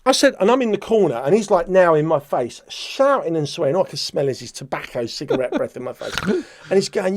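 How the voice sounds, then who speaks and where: A man's voice: fairly high pitch, fairly quick, no room sound, clean studio sound. A man, a podcast guest telling a story and acting out the dialogue. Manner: animated, acts out quoted dialogue. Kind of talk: storytelling interview.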